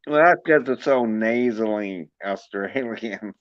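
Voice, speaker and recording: Slow-talking stream host, muffled mic. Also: male voice, lowish voice, noisy background. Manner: slow, crude, reading chat aloud. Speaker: livestream host. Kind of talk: casual livestream chat reading comments.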